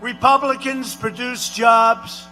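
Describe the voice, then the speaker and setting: A man doing an impression of a boastful male president giving a rambling rally speech, repeating himself and shouting out punchlines. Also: extremely high pitch, steady tone, slow pace, faint music behind, exaggerated voice. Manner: repetitive, rambling, bragging, with sudden shouted lines.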